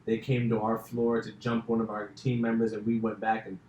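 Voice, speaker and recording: A man's voice: on the low side, monotone, a little fast, a little mellow, slight background noise. A man hosting a podcast, telling a story in casual chat, full of "like" fillers. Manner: storytelling, filler-heavy, says like a lot. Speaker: podcast host. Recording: roomy echo.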